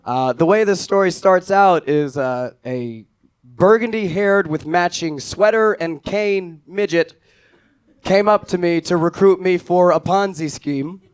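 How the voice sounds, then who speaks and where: A man's voice: measured pace, clean tone. Dry-voiced young male stand-up comic. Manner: dry, offhand delivery, dropping low and quiet on punchlines. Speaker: stand-up comedian. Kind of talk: stand-up comedy storytelling.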